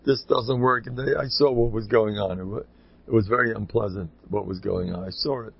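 An older man delivering a loose, story-filled Torah talk. His voice is gravelly and a little husky, and he rambles and repeats himself before breaking into high, loud urging. The recording is dull and lo-fi. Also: fairly even intonation, a little fast. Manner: rambling, repetitive, bursts into loud high exhortation. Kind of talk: informal Torah talk with stories.

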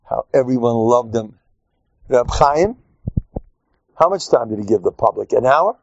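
A man's voice: a little slow, a little hiss or hum. A man giving a humorous Torah lecture as a rabbi, joking and teasing as he teaches. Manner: animated, joking, acts out quotes in squeaky voices. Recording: dull, dry lo-fi recording.

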